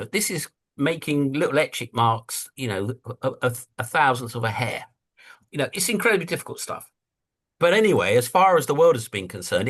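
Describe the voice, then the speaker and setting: A man talking as a guest in a casual conversational interview over a video call, telling stories and acting out what other people say. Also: mid-range voice. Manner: animated storyteller who acts out quotes. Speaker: guest investor and writer.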